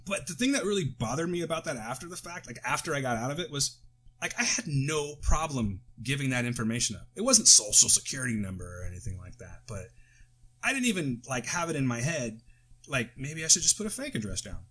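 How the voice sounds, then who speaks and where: A man's voice: mid-range voice, very animated, fairly quick, a bit bright, breathy edge. An American man talking loosely on a podcast, drifting into tangents and correcting himself as he goes. He sits close to the mic, and now and then he coughs. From United States. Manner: rambling, with tangents and self-corrections. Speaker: podcast co-host. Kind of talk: casual chat.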